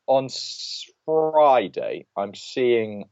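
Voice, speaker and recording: A man's voice: mid-range voice, big pitch swings, very slow, a little mellow. A man co-hosting a podcast, giving an opinionated film review in casual chat and ranting with many restarts. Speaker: podcast co-host. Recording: dull lo-fi podcast audio.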